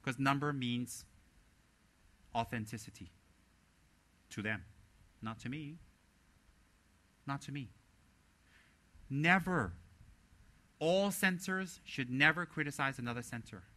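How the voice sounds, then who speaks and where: A man's voice: medium pitch, a little slow, pauses often. A man giving a dharma teaching as a Buddhist teacher, emphatic and sarcastic, firing off rhetorical questions. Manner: lively and sarcastic.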